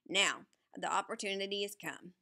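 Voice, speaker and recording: Old grandpa storekeeper, folksy country drawl, kindly, excitable, bright tone, woman reading the part, audiobook. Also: mid-range voice, moderate pace, vocal fry. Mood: excited.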